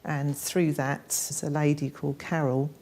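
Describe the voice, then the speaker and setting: Low-voiced earnest woman presenter. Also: little pitch movement, measured pace, a little mellow. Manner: earnest, thoughtful. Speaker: presenter and investigator. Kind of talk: documentary interview and to-camera talk.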